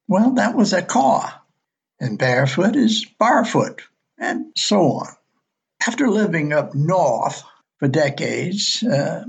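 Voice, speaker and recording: An older man from Alabama with a slight Southern accent, slowly reading his own memories in a folksy storytelling way. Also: medium pitch, vocal fry, fairly bright tone, breathy edge. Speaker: listener sharing memories.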